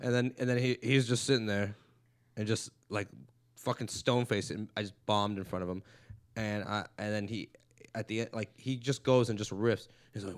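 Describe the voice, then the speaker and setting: A man's voice: on the low side, steady tone, normal speed. A comedian from Los Angeles hosting a podcast, a man rambling through casual stories in a profane way.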